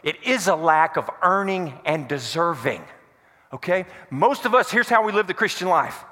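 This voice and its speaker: Animated pastor preaching, bright and high. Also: male voice, normal speed. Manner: animated, quizzes the congregation with call-and-response questions. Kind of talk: sermon. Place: church hall before a congregation. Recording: echoey hall reverb.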